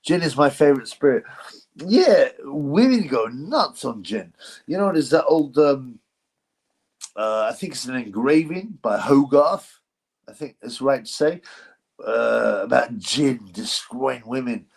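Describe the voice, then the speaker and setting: A man's voice: mid-range voice, expressive, unhurried, vocal fry, breathy edge. A man hosting a casual livestream, talking in a rambling, mocking and jokey way. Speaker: livestream host.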